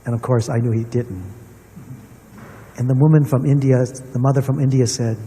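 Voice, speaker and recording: A man's voice: medium pitch, fairly even intonation, normal speed, pauses often, warm tone, slightly rough. A middle-aged man giving an earnest, personal talk to an audience, telling stories from his life. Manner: storytelling, personal and earnest, addressing the room. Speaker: symposium speaker. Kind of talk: reflective public talk to an audience. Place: large hall with long reverb. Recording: distant mic in a reverberant hall.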